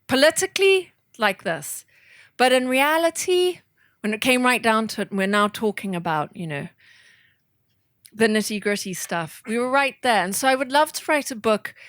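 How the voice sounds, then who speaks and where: A woman from southern Africa spins anecdotes for a bookstore crowd, animated and quick to laugh at herself. Her voice sits in a middle register. The sound is dry and close. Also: mid-range voice, dry recording. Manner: animated, self-deprecating, laughs often. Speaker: author speaking at a bookstore event. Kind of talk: storytelling in an audience Q&A.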